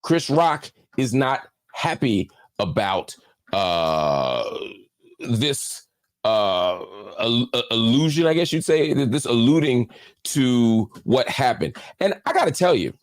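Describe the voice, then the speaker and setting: A man's voice: medium pitch, big pitch swings. A man hosting a political commentary show, talking with heated, preacher-like force and hammering phrases through repetition. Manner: heartfelt, slower, subdued. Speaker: host.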